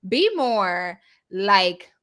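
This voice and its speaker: Woman podcast co-host, chatty and opinionated, bright tone, easy laugh. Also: mid-range voice, very animated, very slow, clear, resonant tone. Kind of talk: casual chat.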